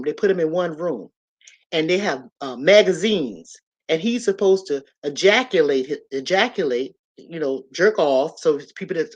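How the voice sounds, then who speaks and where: A woman telling a personal story to a live audience in a lively, animated way, often calling her listeners y'all. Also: lowish voice.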